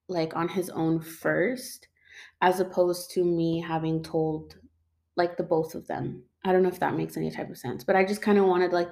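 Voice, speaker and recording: Low-voiced young woman rambling casually. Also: darkish tone. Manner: rambling, filler-heavy, swears freely. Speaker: storyteller. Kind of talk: casual personal storytelling.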